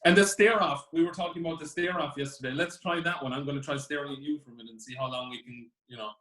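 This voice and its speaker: A man with a slightly high voice chats as a co-host, rambling and enthusiastic, often trailing off into fillers. His voice rings out in a roomy, echoey space. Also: steady tone, fast, sharp tone. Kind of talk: casual chat. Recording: echoey room.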